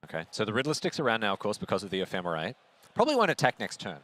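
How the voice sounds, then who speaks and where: A male play-by-play commentator narrating a card game match. His voice sits low but moves a lot, and he keeps it conversational, throwing questions to his partner. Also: rapid-fire. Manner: lively, conversational, asks his co-host questions.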